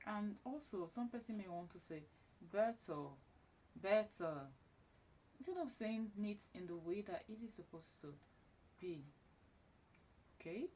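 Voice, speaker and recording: A woman's voice: medium pitch, a little hiss or hum. A woman teaching elocution to camera, stressing key words and repeating her main points. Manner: emphatic, repeats key phrases. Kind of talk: instructional talk to camera.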